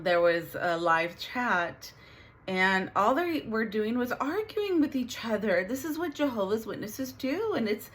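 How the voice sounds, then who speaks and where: A middle-aged woman vlogging, telling a painful family story in an earnest, halting way with many restarts. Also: mid-range voice. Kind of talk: emotional personal storytelling.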